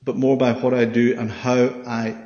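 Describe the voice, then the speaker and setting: A man preaching a Bible study sermon, animated and often checking with his listeners through questions. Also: mid-range voice, normal speed. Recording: echoey hall, dull sound.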